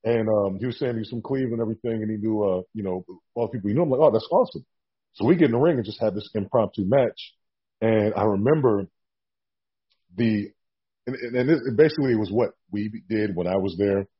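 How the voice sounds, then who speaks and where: A man telling a long story in a casual interview, animated and acting out what people said. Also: fairly low pitch, fast talker, breathy edge, muffled recording. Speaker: guest, former wrestler.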